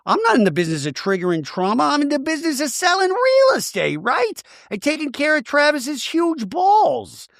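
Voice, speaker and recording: A man's voice: very high-pitched, huge pitch swings, moderate pace, gravelly, few pauses, a bit bright, no echo, clean studio sound, voice pushed up, full character voice. A man voicing a rambling, defensive woman who over-explains her apology.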